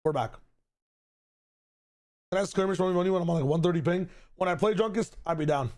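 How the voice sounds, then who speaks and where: A man streaming with a hoarse, worn-out voice, ranting with emphasis and profanity while watching esports. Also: high voice, a little fast, darkish tone. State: hoarse, voice gone. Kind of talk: casual stream commentary.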